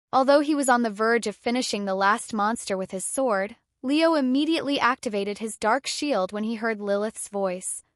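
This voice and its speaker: A woman's voice: on the high side, dry recording. Woman narrating a fantasy audiobook, dry. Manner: steady, measured storytelling.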